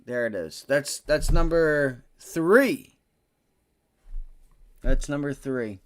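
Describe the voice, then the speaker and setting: A man hosting a live day-trading stream, cursing bluntly and swinging between low muttering and loud excited bursts. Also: drawn-out words. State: frustrated. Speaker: livestream day-trading host.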